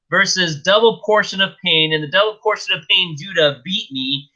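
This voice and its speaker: A man's voice: high voice, sharp tone. A man co-hosting a casual fantasy sports podcast, playful and self-mocking, laughing often, over a lo-fi internet connection. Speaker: podcast co-host. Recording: dull lo-fi internet audio.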